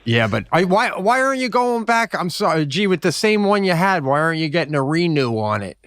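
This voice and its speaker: A man co-hosting a comedy radio call-in show, excitable and loose, laughing and swearing as he banters. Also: fairly high pitch, fairly quick, no room sound. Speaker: co-host.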